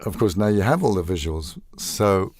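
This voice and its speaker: Deep-voiced older man telling stories. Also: normal speed, no room sound. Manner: animated storyteller, acts out quoted lines, laughs often. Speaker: voice actor guest. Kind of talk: casual interview chat.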